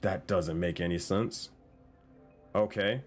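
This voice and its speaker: A low-voiced man acting as game master for a streamed tabletop game. He talks in a loose, casual way and swears freely when he is exasperated. He speaks into a desk mic, with faint music underneath. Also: fairly even intonation, slow.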